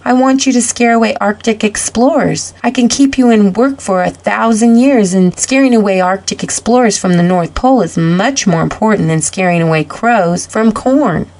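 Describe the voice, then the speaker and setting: A jolly old Santa Claus, kindly and brisk, giving orders in a hearty storybook voice, as a woman reads him. His lines climb high and bright when he calls out, with a cheerful bustle. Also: lightly acted.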